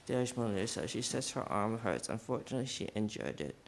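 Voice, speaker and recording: A man's voice: lowish voice, lively intonation, brisk. A man filming a casual vlog at home, chatting to viewers and calling his dogs. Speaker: vlogger. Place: at home, then in a garage. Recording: noisy home video.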